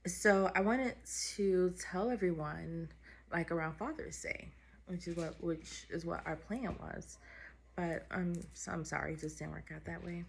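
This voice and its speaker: Candid woman vlogger with a gravelly low voice. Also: unhurried. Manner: candid, heartfelt, conversational with fillers. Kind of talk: personal vlog story.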